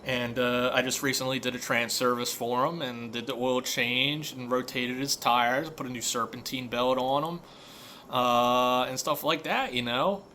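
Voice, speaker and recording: Male mechanic, casual storyteller, bright tone, faint background hiss. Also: medium pitch, fairly even intonation, measured pace. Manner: conversational storytelling, many fillers. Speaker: auto repair shop owner. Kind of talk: casual monologue rant.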